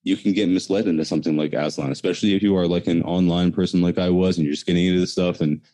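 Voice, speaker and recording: A man ranting in a casual political discussion, fast and profane. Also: low-pitched, fairly even intonation, warm tone.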